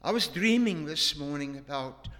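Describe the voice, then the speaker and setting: A man preaching a sermon, telling a story earnestly with emphatic rises and hushed drops, often restarting his phrases. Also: a little high, animated, normal speed. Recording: long hall reverb.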